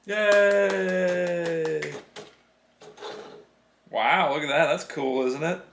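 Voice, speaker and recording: A man's voice: on the high side, moderate pace. A man, a father hosting a LEGO build video, chatting upbeat and teasing with his young son at home. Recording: echoey room with background noise.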